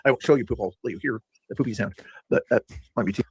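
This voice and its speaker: A man's voice: mid-range voice, racing, gravelly, breathy edge, no echo. Older man, streamer, chatty and self-mocking, dry close sound. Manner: chatty, talks to chat viewers, self-mocking. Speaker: streamer reviewing his own past stream. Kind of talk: rambling live-stream commentary.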